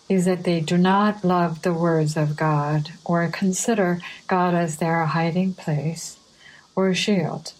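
A woman delivering a sermon at an unhurried, careful pace. Her voice sits a little low, and she reads each line of scripture deliberately, with pauses between phrases. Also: a little mellow, low-quality recording. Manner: measured, deliberate scripture reading. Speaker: preacher. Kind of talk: slow sermon reading.

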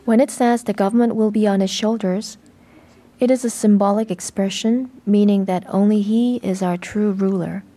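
Woman, sermon voice-over, mellow dark tone, measured, even delivery. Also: medium pitch. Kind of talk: translated sermon narration.

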